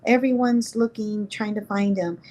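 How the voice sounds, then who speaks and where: A woman's voice: mid-range voice, fairly even intonation, darkish tone, poor audio. Middle-aged woman retelling an emotional story. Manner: halting, emotional, reenacts dialogue. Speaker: interview guest. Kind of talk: personal storytelling in an interview.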